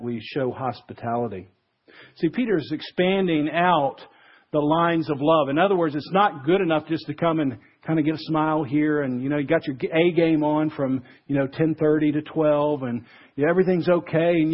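A man with a fairly high, husky voice preaches a relaxed, conversational sermon. He slips into little acted voices when he quotes people. The recording sounds dull and lo-fi. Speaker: pastor.

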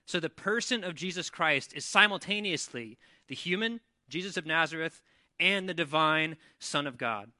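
A man preaching a sermon in a church, conversational and animated when retelling scenes. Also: on the high side, moderate pace, dry recording, clean studio sound. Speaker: pastor.

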